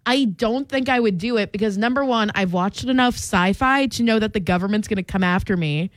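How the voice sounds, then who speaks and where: A woman's voice: medium pitch, fairly quick, no room sound. A young woman co-hosting a morning radio show, chatting casually and laughing easily.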